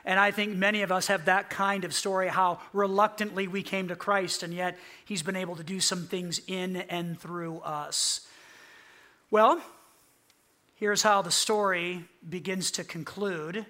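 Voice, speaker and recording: A man preaching a sermon as a pastor, animated and acting out quoted lines with sarcasm. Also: high voice, a little slow.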